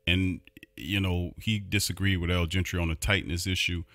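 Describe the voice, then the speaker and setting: A man's voice: sits low, fairly even intonation, moderate pace, fairly bright tone, dry recording. A man hosting a sports podcast, ranting heatedly with a New Orleans accent and repeating himself in frustration. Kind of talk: opinionated sports recap.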